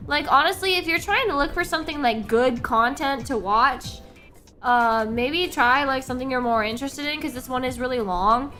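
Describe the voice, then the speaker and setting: A young woman chats casually on a live stream, rambling and giggly, tripping over her words and restarting often. Her voice sits high and sounds bright and sharp. A faint bed of music plays underneath. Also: normal speed. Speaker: VTuber streamer.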